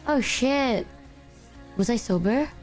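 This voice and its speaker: A woman's voice: on the high side, animated, slow, a little mellow, faint music behind. A woman streaming, chatting casually in a breezy, matter-of-fact way with frequent giggles. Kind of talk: casual chat.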